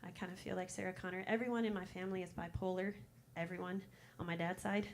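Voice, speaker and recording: A woman's voice: fairly low pitch, steady tone, fast, slight background noise. Chatty Minnesotan woman in her fifties. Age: 50s. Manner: nervous, chatty, rambling with fillers and laughs. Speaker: open mic performer. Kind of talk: casual chat before a poem. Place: coffee shop stage.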